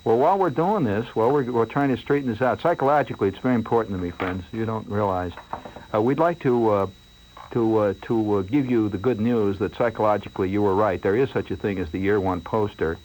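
A man hosting a late-night radio show, telling a rambling, self-mocking story in a theatrical way that swings from hushed to excited. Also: on the low side, a little fast, poor audio. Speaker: radio host.

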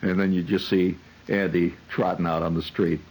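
A man's voice: deep voice, level tone, normal speed, background noise. A man who hosts on the radio, telling a rambling, wry comic monologue full of digressions and hesitations. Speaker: radio host.

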